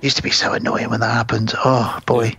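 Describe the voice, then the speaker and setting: A man's voice: mid-range voice, level tone, fairly quick, creaky, sharp tone, faint music behind. A man co-hosting a podcast, chatting casually about films and recounting scenes as he goes. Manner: rambling, recounts scenes and acts out quotes. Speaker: podcast co-host. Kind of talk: casual film chat.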